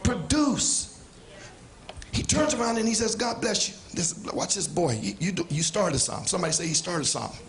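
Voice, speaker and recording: Impassioned high-voiced male preacher. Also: animated, brisk, roomy sound. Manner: impassioned preaching, swings from shouts to low asides. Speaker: pastor. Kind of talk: sermon. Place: church sanctuary.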